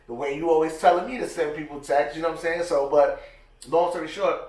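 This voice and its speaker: A man's voice: on the high side, quick pace. A man co-hosting a podcast, chatting casually in slang and acting out the quotes in his stories. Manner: animated storyteller, slangy, acts out quotes. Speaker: podcast co-host. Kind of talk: casual chat. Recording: echoey room, distant mic.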